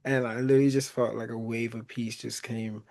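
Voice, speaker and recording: A man hosts a relaxed podcast chat and walks through a film's story with lively energy. He laughs often and slips into the characters' lines as he goes. His voice sits in an ordinary middle range for a man. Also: medium pitch, a little fast, creaky. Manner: animated, laughs often, acts out quotes. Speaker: podcast host. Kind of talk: casual chat retelling a movie.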